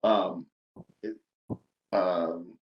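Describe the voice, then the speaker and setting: Lawyer type, male, measured and hedging, slightly muffled lo-fi recording. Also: low voice, steady tone. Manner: careful, hedging, restates and rephrases. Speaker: attorney cross-examining a witness. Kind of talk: legal questioning.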